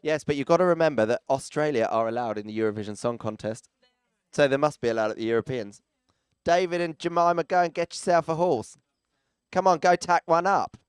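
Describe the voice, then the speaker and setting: A man's voice: fairly high pitch, brisk, clear, resonant tone, no room sound. A man commenting live as arena announcer, chatty and teasing, with jokey asides to people around him, speaking into a close microphone.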